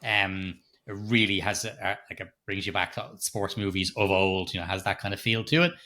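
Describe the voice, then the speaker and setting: A man co-hosting a casual film review podcast, his voice bright and sharp. He talks loosely and turns animated, leaping up in pitch when something baffles him. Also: fairly quick. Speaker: podcast co-host.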